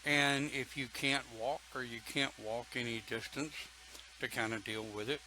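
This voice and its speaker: A man's voice: mid-range voice, steady tone, moderate pace, noisy background. An older man leading an online pagan church talk, folksy and chatty, reading viewer comments and laughing often.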